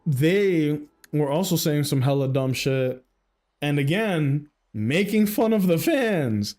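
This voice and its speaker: A man's voice: fairly high pitch, expressive, slow pace, darkish tone. A young man ranting casually on a livestream, slangy and laughing often.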